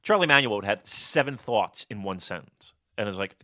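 Man, radio sports reporter turned pundit; profane, blunt, animated; bright, tense timbre. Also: on the low side, a little fast, few pauses, dry recording, studio quality. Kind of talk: casual podcast storytelling and opinion.

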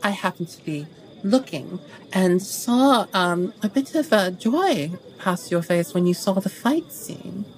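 A woman's voice: mid-range voice, expressive, unhurried, a little mellow, natural voice, low-quality recording. A woman voicing a haughty Regency society lady who delivers sweetly polite, cutting remarks in a tabletop role-play. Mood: gushing. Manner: sweetly barbed, mock-polite.

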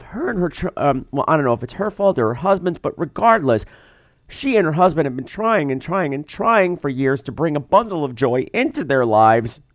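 A podcast host and film reviewer with a mid-range voice recaps a film in a sarcastic, comedic style, telling it with animated flair. The recording is clean studio sound with no room noise.

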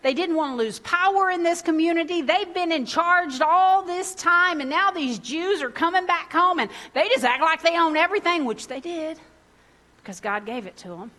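Woman, sermon, high voice, chatty and animated. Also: normal speed. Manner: lively, conversational, acts out biblical characters in casual voices. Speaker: preacher.

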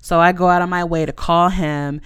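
Young woman podcaster, frank, emotional storyteller, smooth voice, dry close sound. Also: fairly low pitch, fairly even intonation, normal speed, no echo. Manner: emotional, frank, swears casually, many fillers. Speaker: podcast host. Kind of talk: candid personal storytelling.

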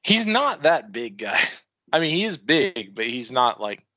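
A man's voice: medium pitch, very animated, bright, forceful tone, no room sound, highs cut off. Laughing man chatting about wrestling. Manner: laughs often, breaks into quick mock voices. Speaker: podcast co-host. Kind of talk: casual wrestling chat.

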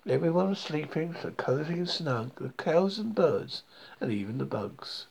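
A storyteller reading a rhyming children's book aloud in a slow, singsong way. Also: mid-range voice, lively intonation, gravelly, darkish tone.

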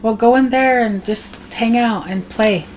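A woman telling a ghost story on a podcast in a casual, animated way, acting out other people's lines and laughing often. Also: on the high side, a little slow, a little hiss or hum. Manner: animated, acts out others' voices in her tales. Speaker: podcast guest, host's wife.

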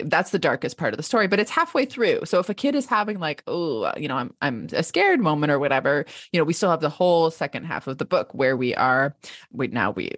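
A woman's voice: deep voice, no room sound, clean studio sound. A woman in her thirties co-hosting a podcast, chatting expressively and laughing often as she discusses a manuscript. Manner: expressive, lively, laughs often, reads quotes aloud. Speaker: podcast co-host and literary agent. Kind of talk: casual podcast chat.

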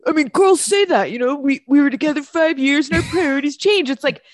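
A woman's voice: high-pitched, lively intonation, fairly quick, no room sound, studio quality. A young adult woman co-hosting a casual podcast chat, opinionated and laughing often, with some swearing. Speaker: podcast co-host.

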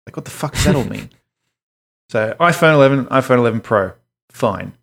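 A man's voice: mid-range voice, animated, fairly quick, vocal fry, fairly bright tone, husky. A man co-hosting a podcast in casual chat, explaining at length and swearing offhandedly. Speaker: podcast co-host.

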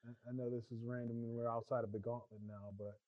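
A man's voice: medium pitch, little pitch movement, fast, no room sound. A man co-hosting a podcast, telling a story in casual chat and laughing as he goes. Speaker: podcast co-host. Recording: muffled, lo-fi sound.

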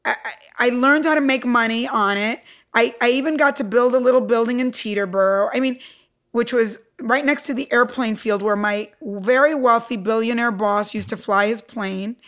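Animated higher-voiced woman telling her story. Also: moderate pace. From Cuba. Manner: animated, emphatic, acts out quotes. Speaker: entrepreneur guest. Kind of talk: storytelling in a podcast interview.

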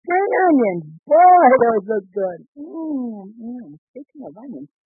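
An actor playing an excitable, bumbling young husband and father who blusters and fusses, in 1940s radio sitcom style. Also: husky, no room sound, heavily acted. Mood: blustering. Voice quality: high, fussy, quick to bluster. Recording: tinny old 1940s radio broadcast.

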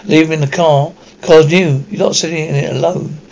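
A man's voice: a little high, fairly even intonation, normal speed, gravelly, darkish tone, highs cut off. A man reading as a snappish stern aunt. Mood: grudging. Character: stern fussy middle-aged aunt.

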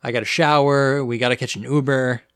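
A man's voice: mid-range voice, steady tone, a little fast, clean tone, dry recording, studio quality. A young man co-hosting a podcast, telling a story in casual chat and often restarting his sentences. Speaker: podcast co-host. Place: Boston area.

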